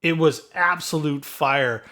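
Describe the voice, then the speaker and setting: A man's voice: on the high side, takes it slowly, pushed and bright. Enthusiastic male podcast co-host. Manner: enthusiastic, talks at length, addresses co-hosts by name. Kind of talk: casual chat.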